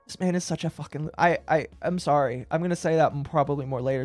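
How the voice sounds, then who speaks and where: A woman's voice: low voice, fast talker, a little mellow, faint music behind. A woman from the United States streaming reaction commentary in a brash, crude, mocking way, swearing often.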